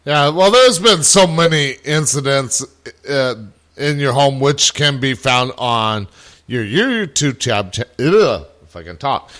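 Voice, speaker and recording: A man hosting a casual chat, recounting a ghost investigation in a halting way with restarts. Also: medium pitch, animated, a bit bright.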